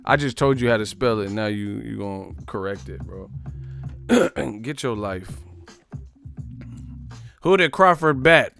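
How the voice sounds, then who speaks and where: A man hosting a casual live stream, chatting and mocking commenters in slangy, animated talk, with faint music behind. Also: lowish voice, unhurried, vocal fry, long pauses.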